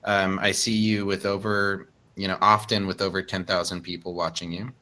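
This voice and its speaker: Bright-voiced man hosting a podcast. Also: sits low, flat delivery, moderate pace, slight background noise. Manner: rambling, with many restarts. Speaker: podcast host. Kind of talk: casual interview chat.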